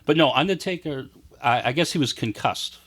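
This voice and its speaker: Man, guest, mid-pitched, eager, detailed storyteller. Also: lively intonation, brisk, fairly bright tone. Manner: enthusiastic, recounts events in detail. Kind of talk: casual chat.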